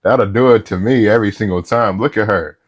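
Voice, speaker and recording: A man hosting a reaction video, making playful, animated asides over an interview clip. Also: fairly low pitch, brisk.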